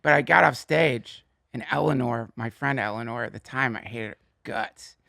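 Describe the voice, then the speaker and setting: A man, a comedian guest, telling profane anecdotes in an animated, casual way with quick asides. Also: medium pitch, gravelly, no echo, studio quality. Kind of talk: casual storytelling interview.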